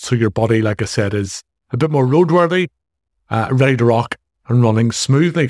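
A man in his forties from Northern Ireland hosts a solo fitness podcast as a fitness coach, speaking casually and directly with jokey asides. His voice is medium-pitched and darkish, recorded dry in a clean studio.

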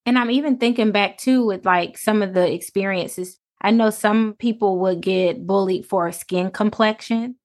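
A woman's voice: mid-range voice, moderate pace, hardly any pauses, darkish tone. Reflective woman co-host, emphatic. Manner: reflective, emphatic, list-like statements. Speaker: podcast co-host. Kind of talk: casual podcast conversation.

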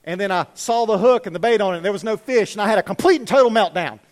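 Pastor, male, higher voice, lively sermon delivery, loud peaks then soft asides. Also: fast talker. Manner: animated, swings from loud exhortation to hushed.

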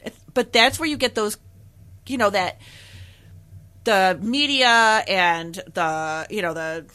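A woman's voice: medium pitch, lively intonation, slow, sharp tone. A young woman, a former peer counselor, chatting casually on a podcast, full of fillers and acted-out quotes.

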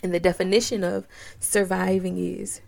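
A young woman hosting a podcast, telling a personal story in an expressive, emotional, animated way. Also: fairly low pitch, moderate pace, gravelly. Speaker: podcast host.

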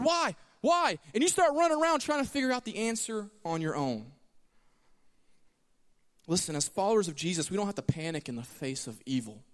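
A male pastor preaching in a church, his fairly high voice swinging widely up and down as he tells stories and acts out what people say. A long hall reverb trails behind his words. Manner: animated storytelling, acting out quoted lines. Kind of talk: sermon. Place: church sanctuary.

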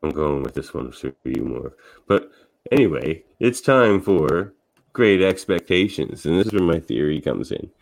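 An easygoing man hosting a podcast, with an extremely deep, low voice. He chats casually and lets his sentences trail off as he thinks aloud. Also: sing-song, moderate pace, creaky. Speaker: podcast host. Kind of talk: casual chat.

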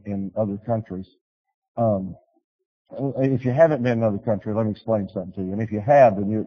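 A man preaching a sermon, telling stories and urging his listeners, swinging from loud appeals to quiet pleas. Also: on the low side, big-room sound, dull audio. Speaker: pastor.

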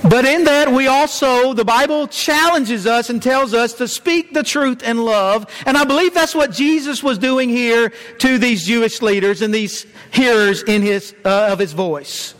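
A man preaching a sermon as pastor, earnest, dropping low and slow to stress key lines. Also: fairly bright tone.

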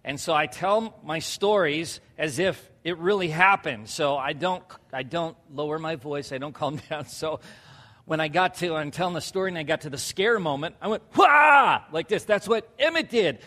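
A man in his thirties preaching a sermon, telling stories loudly and animatedly with laughs. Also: a little high, normal speed, long reverb tail. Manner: loud, animated storytelling with laughs. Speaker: pastor.

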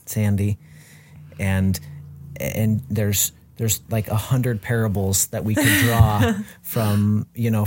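A man's voice: on the low side, darkish tone. A man hosting a podcast, affirming his guest and asking questions in a conversational way. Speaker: podcast host. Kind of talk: conversational interview.

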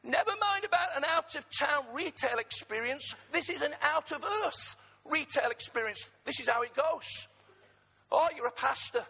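A middle-aged man from England preaching a sermon, husky in tone, with humorous asides to the congregation. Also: extremely high pitch, lively intonation, moderate pace, pushed and bright, in a large hall. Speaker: pastor.

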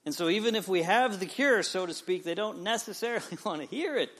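A man in his forties, a pastor, preaching a sermon and telling a personal story with lively swings from loud to quiet. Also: fairly quick. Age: 40s. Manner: storytelling with wide swings in pitch and loudness.

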